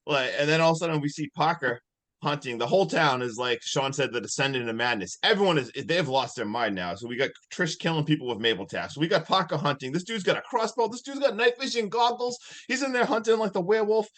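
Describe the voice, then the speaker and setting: A man with a slightly high voice tells a film's story in casual podcast chat. He talks in an animated way and laughs often. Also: fast. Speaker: podcast co-host. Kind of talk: casual movie recap.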